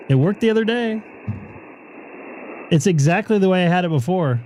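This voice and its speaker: A male ham radio operator hosting a live stream, chatting casually with callers and calling CQ in a relaxed, joking way. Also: sits high, normal speed, long pauses, a little hiss or hum, rough recording. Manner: relaxed, jokey, self-deprecating. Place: home radio station.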